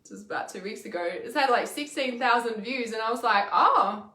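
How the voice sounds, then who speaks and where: A woman's voice: a little high, fast talker, fairly bright tone, roomy sound. A woman in her thirties chatting casually on a livestream as a healer and mentor, candid, laughing often and swearing freely. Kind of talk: casual livestream chat reading comments.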